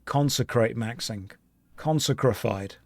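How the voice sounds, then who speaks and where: A man live-streaming an online game, chatting casually with his viewers and joking in a deadpan way while reading their messages aloud. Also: mid-range voice, a little slow, no room sound.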